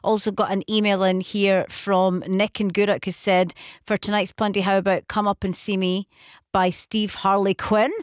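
A woman's voice: medium pitch, level tone, moderate pace, dry recording. A woman presenting a late-night radio show, chatting and reading out listener messages in a studio. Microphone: studio microphone.

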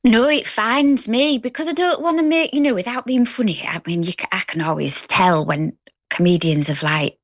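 A woman's voice: a little high, moderate pace, slightly rough, no echo. Chatty Hull-accented woman comedian. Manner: chatty, anecdotal, laughs often. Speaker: comedian guest. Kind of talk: casual radio interview chat.

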